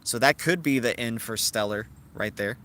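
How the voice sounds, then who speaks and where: A man hosts a live stream in a loose, chatty way, answering viewers in the chat as he goes. His voice is bright and sharp, sitting at an ordinary middle pitch. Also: moderate pace. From Cuban heritage. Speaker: crypto livestream host. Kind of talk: casual live-stream commentary.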